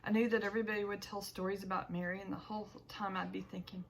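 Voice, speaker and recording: Woman reading an audiobook, gravelly. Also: medium pitch, little pitch movement, slight background noise, poor audio. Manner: measured reading with small self-corrections. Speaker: audiobook narrator. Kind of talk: first-person audiobook reading.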